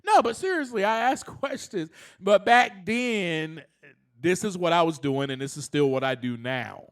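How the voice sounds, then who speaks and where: High-voiced, slow-talking male podcast host. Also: expressive, a bit bright. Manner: earnest, laughs often, rising to passionate emphasis. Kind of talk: solo self-help podcast talk.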